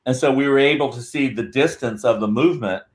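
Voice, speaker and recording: A man on a podcast as a guest researcher, telling a rambling, animated story in casual chat. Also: mid-range voice, brisk.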